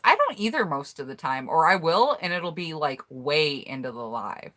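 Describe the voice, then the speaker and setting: A low-pitched American woman chats on a casual live stream. Her voice is bright and forceful. She answers viewer comments in a blunt, candid way. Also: very animated, moderate pace, hardly any pauses. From United States. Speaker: YouTuber hosting a live stream.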